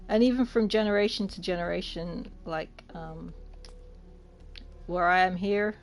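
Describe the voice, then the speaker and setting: A woman's voice: lowish voice, a little slow, faint music behind. A woman from the UK chatting casually with her livestream chat while playing, laughing often. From United Kingdom. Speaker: game streamer.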